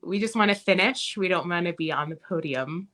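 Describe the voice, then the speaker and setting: A middle-aged woman from Minnesota with a Minnesota accent, chatting as a guest and telling stories in an animated way. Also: on the low side, a little fast. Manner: animated storyteller who laughs often and acts out quotes. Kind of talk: casual chat.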